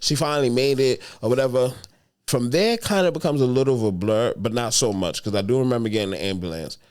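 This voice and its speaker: Young New man, comedian guest, casual profane storyteller, mid pitch. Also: quick pace. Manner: animated, slangy, profane storytelling. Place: podcast studio.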